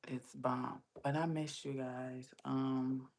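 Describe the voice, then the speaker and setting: A woman's voice: very deep voice, flat delivery, slow, a little mellow. A woman hosting a casual livestream, chatting straight to her viewers and telling stories. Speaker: livestream host.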